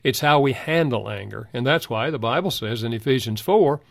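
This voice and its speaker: A man's voice: mid-range voice, animated, brisk, vocal fry, no room sound, studio quality. An older man, a guest counselor in a Christian radio interview, telling stories in an earnest way. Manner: earnest storytelling.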